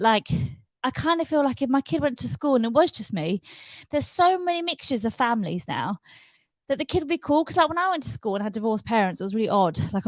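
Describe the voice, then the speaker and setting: A woman's voice: fairly high pitch, dry recording, rough recording. Chatty woman livestreaming. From Wales. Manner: chatty, rambling, lots of fillers and likes. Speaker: livestream host. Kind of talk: casual chat to viewers.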